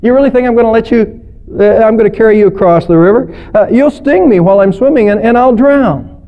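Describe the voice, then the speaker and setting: A wary male turtle in a spoken fable, firing off incredulous questions, as a preacher puts him on. The voice sits fairly high, and the recording is muffled and lo-fi. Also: brisk. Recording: dull lo-fi recording.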